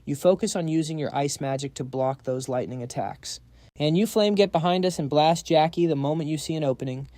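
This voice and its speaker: A man doing a sharp-tongued young princess. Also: a little high, no echo, close to an everyday voice. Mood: commanding. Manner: brisk, giving orders.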